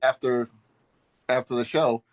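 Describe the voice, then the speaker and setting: A man's voice: mid-range voice, measured pace, no room sound, poor audio. A man chatting on a video call, telling a long fan anecdote in an easygoing way with frequent "um" and "uh". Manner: relaxed storyteller with frequent "um" and "uh". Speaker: longtime fan, group member. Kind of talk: casual video chat storytelling.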